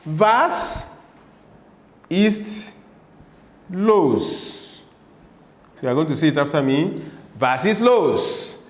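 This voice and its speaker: Slow, lively-pitched male teacher. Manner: patient, repeats each word slowly for learners. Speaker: language teacher. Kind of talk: slow classroom-style German lesson explained in English. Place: room with a board. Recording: echoey room with long reverb.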